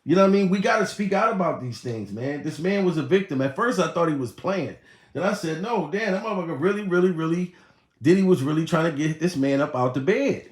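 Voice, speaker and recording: A man hosting a live comedy stream, riffing on the news in a rambling, profane, animated way. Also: on the high side, brisk, roomy sound. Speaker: comedian host.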